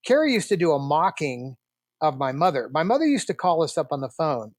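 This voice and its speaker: An older man, a film producer guest, spins animated anecdotes in a relaxed interview and often restarts his sentences. His voice sits fairly high for a man and is recorded dry and close, with no room sound. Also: a little fast, no echo. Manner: chatty, animated anecdote-telling with frequent restarts. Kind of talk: casual interview storytelling.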